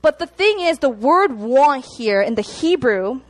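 A young woman preaching a sermon to a congregation, chatty and animated, often checking in with the room. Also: high voice, measured pace. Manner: animated, chatty, laughs at herself, asks the room to respond.

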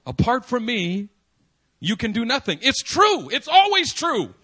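A man preaching a sermon, swinging from quiet asides to loud, insistent emphasis and repeating phrases to drive them home. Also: very high voice, wildly swooping pitch, measured pace. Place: church service.

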